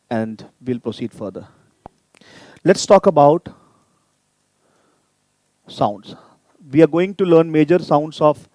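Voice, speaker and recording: A man leads a live online German lesson, sounding out each vowel and consonant patiently, one at a time. His voice is mellow and unhurried, recorded dry and close with no room sound. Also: a little high, dry recording. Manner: repeats sounds slowly to drill pronunciation; addresses viewers directly, inviting typed questions. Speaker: German language teacher.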